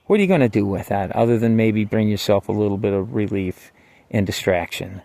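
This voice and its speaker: A man with a fairly low, fry-edged voice talks briskly in a dry recording about the time he spent in jail. His casual personal story is rambling, profane, and wry, packed with "like" and "you know," shifting from quiet asides to heated outbursts.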